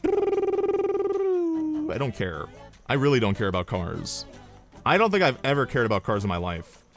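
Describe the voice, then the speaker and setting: A man's voice: medium pitch, wildly swooping pitch, a little slow, soft background music. A man streamer chatting casually, telling rambling stories, swearing freely and laughing at his own jokes. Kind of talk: casual storytelling chat.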